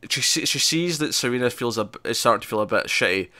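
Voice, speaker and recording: Bright-voiced man recapping animatedly. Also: mid-range voice, fast, no echo. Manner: animated, laughing recapper with many restarts. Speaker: podcast co-host reviewing a TV episode. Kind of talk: casual review chat.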